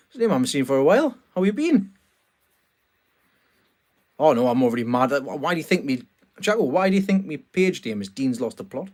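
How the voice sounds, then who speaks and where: A man's voice: mid-range voice, big pitch swings, a little fast, pauses often, darkish tone. A man chatting casually on a live stream from a small greenhouse at night, greeting viewers and laughing often. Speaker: vlogger hosting a live stream.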